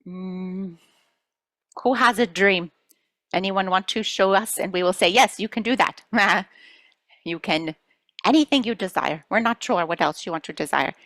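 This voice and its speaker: A woman's voice: mid-range voice, a little slow, long pauses, fairly bright tone, no room sound. A woman channeling spirit guides for a group, speaking as "we" in a playful storytelling manner.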